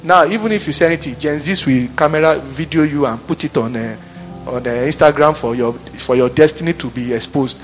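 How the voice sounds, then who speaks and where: A man preaching a sermon, animated, laughing and acting out office scenes. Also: on the high side, a little fast, faint music behind.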